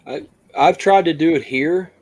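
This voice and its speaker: A man's voice: a little high, normal speed, a little mellow. A man from West Virginia hosting a casual open-mic podcast, talking in an easygoing way with frequent restarts. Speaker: podcast host.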